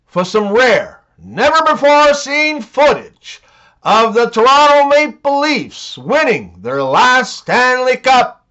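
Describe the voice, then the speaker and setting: A man telling scripted jokes in a deadpan way, leaning into the punchlines, on a dull lo-fi recording. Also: very high-pitched, takes it slowly. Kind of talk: scripted joke narration.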